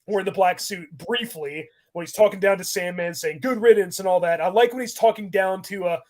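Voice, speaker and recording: Man, high voice, podcast host, casual rant, animated, laughs a lot. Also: fairly quick. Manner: animated, rambling, laughs often.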